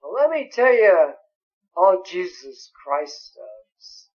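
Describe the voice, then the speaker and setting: A man's voice: sits high, very animated, slow pace, soft background music. A man preaching a sermon, emphatic and quoting scripture at length. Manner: emphatic, quotes scripture in several languages. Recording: dull lo-fi recording.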